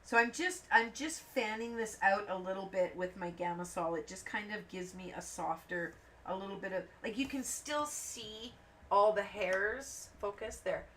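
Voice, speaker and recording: A woman talks at normal speed in a mid-range voice, hosting a craft channel where she colors and rambles through animated anecdotes, performing the voices of the people in them. Her voice is a bit distant from the mic, over faint background noise.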